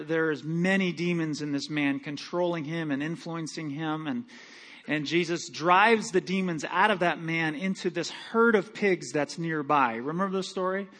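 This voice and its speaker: High, bright-voiced animated preacher. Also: male voice, normal speed. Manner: animated, self-mocking, conversational with many fillers. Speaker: pastor. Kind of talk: storytelling sermon.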